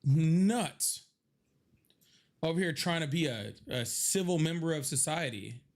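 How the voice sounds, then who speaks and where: Guy streaming live, kinda high voice, rambly and jokey, laughs a lot, bit stuffed up. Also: measured pace. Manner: rambling, joking, laughs often. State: stuffy from allergies. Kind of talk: casual chat to a live audience.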